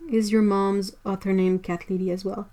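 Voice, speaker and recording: A woman chats casually on her art livestream, greeting viewers by name and answering their comments as she paints. Her voice sits at an ordinary middle pitch and grows quieter when she focuses on her work. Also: level tone, moderate pace. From Quebec, Canada. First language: French. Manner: chatty, reads out viewer comments, drifts quieter while working. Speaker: artist livestreamer.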